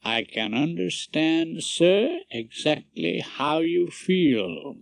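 A man voicing a bulky, genial middle-aged American law professor with a courteous, flattering, drawn-out way of speaking. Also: fairly high pitch, creaky, no room sound, full character voice.

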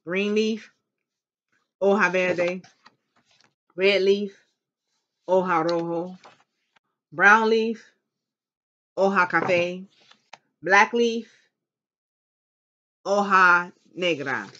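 A woman teaching an elementary Spanish class, slowly modeling words for students to repeat and cheering them on. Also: lowish voice, bright, forceful tone. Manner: upbeat and encouraging. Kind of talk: classroom language lesson. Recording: dull lo-fi classroom recording.

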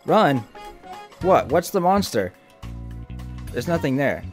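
A man casually commentating as he plays a video game, excitable, chanting sing-song sounds and yelping at sudden moments. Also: a little high, slow, pauses often, faint music behind. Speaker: gaming channel host. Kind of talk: casual let's play commentary.

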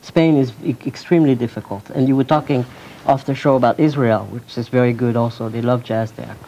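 A man from France, a jazz pianist guest in a casual TV interview, joking playfully and pausing on fillers. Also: medium pitch, steady tone, gravelly, warm tone, a little hiss or hum. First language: French. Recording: dull lo-fi 1990s TV recording.

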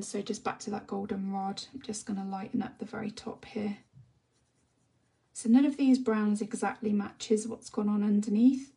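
An English woman chatting casually while she teaches colouring on a live stream, often sinking into a soft half-whisper as she works. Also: medium pitch, creaky, far from the mic. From England. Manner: relaxed rambling chat, often drops to a soft half-whisper while working. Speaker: colouring tutor.

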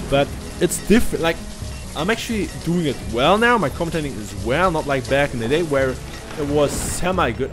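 A man whose first language is German, giving rambling, profane, self-mocking commentary while playing a game. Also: mid-range voice. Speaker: gaming commentator. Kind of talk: casual let's-play commentary.

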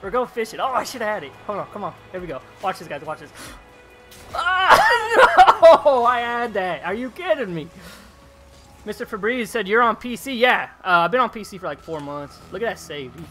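Excitable young man streaming a game. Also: high voice, quick pace, few pauses, faint music behind. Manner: excitable, chatty, reads chat aloud, calls viewers dude. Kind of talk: live gameplay streaming commentary.

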